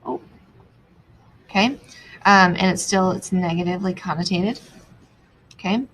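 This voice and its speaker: A woman's voice: on the low side, flat delivery, unhurried, fairly bright tone, slight background noise, poor audio. Woman thinking aloud over a reading. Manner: thinking aloud, many ums. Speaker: teacher.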